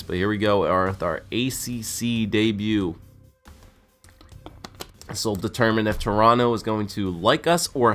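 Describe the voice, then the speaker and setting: A man's voice: lowish voice, a bit bright. Tipsy young man rambling through gameplay. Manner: chatty, rambling play-by-play with fillers. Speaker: gaming YouTuber. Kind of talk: casual gameplay commentary.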